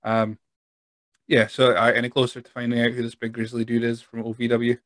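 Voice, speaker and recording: A Scottish man hosts a casual podcast chat at an everyday pitch. He laughs often and drifts off into restarts mid-thought. The sound is dry and close to the mic. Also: monotone, fairly quick, a bit bright, dry recording. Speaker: podcast host.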